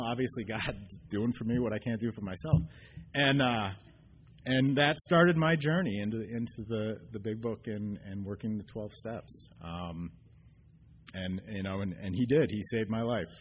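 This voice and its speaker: A man with a very low voice speaks at a recovery meeting, earnest and halting. He stops and restarts often and fills pauses with ums. A faint noise sits under the recording. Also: dull audio. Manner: earnest, getting choked up. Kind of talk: personal recovery share. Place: meeting room.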